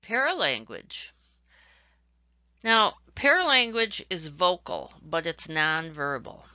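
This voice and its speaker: A woman's voice: lowish voice, big pitch swings, slow pace, bright, forceful tone, no echo, dull audio. A woman teaching a recorded lecture, explaining ideas with worked examples and shifting emphasis. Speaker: instructor.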